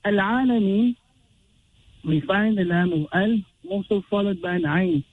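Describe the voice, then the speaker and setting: A man teaching Quran recitation rules, explaining slowly and chanting drawn-out example verses. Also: sits high, gravelly, slight background noise. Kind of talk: tajweed lesson with recited examples. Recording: tinny phone-like radio sound.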